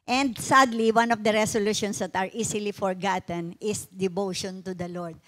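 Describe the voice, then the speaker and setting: A woman's voice: mid-range voice, fairly even intonation, moderate pace, a bit bright. A woman co-preaching a sermon, reading scripture and talking in a mix of Tagalog and English. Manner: conversational, mixing Tagalog and English. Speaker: pastor's wife, co-preacher.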